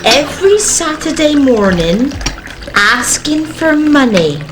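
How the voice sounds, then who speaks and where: A woman's voice: high-pitched, sing-song, takes it slowly, background noise, exaggerated voice. A woman playing a flustered housewife in a comedy sketch, talking earnestly.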